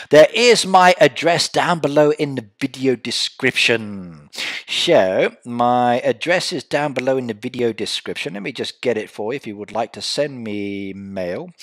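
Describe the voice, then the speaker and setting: Male streamer, mid-pitch, rambling and playful, dry sound. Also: a bit bright, dry recording. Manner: chatty, joking, rambling. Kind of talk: casual live-stream chat.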